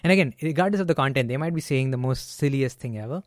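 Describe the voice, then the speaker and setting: A man's voice: mid-range voice, fast, dry recording, studio quality. A man hosting a solo podcast, talking casually about handling anger and acting out short example lines with a sudden raised voice. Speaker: podcast host.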